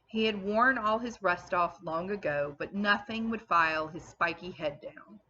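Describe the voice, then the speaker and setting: A woman's voice: medium pitch, a little slow, bright, forceful tone, lo-fi sound, slight background noise. A woman English teacher reading a classic novel aloud and stopping to explain it to her students in plain terms, with a few ums.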